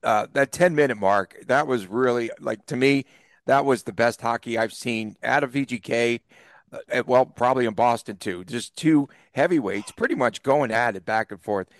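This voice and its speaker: A man from the East Coast co-hosting a sports podcast, chatting casually and telling animated stories with frequent laughs. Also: medium pitch, normal speed, no room sound, studio quality. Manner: laughs often, animated storyteller. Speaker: podcast co-host.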